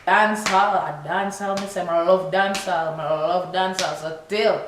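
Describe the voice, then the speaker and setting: Lively Jamaican woman in an echoey room. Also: lowish voice, moderate pace, a little hiss or hum. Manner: lively, mixes Patois into her talk, says "yo" often. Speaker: vlogger. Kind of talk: casual chat to camera. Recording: roomy echo.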